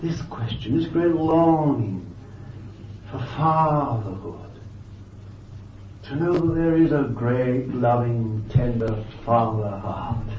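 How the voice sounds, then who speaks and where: A man preaching a sermon with fervent emphasis, moving between loud bursts and quiet asides, thinking aloud with restarts and "you see.". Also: mid-range voice, far from the mic, a little hiss or hum. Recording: dull, lo-fi, echoey and off-mic.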